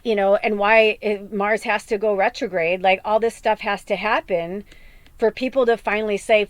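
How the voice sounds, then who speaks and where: A woman's voice: mid-range voice, fairly even intonation, normal speed, no room sound. A woman podcast host, upset and close to tears, pouring out a raw, rambling monologue full of swearing and fillers. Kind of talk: emotional personal monologue.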